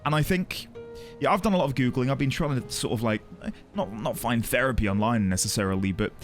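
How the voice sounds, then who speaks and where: A man with a mid-range voice talks fairly quickly over faint background music. He's streaming live, chatting earnestly and emotionally with his audience in a casual way and greeting viewers by name.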